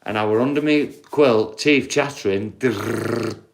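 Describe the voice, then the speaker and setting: A man with a broad Yorkshire accent hosts a livestream and talks straight to his viewers. He tells loose, rambling stories full of swearing, at an ordinary middle pitch. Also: normal speed. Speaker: livestream host.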